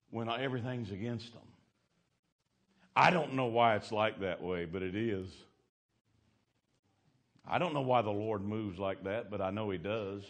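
With a fairly low-pitched voice, this preacher delivers his sermon in homespun, everyday language. He shifts from rising, loud outbursts to quiet, hushed storytelling.

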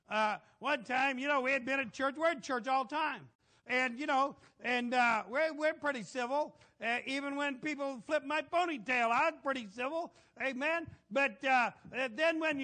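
A middle-aged man preaching a folksy, animated sermon, asking the congregation for amens. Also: very high voice.

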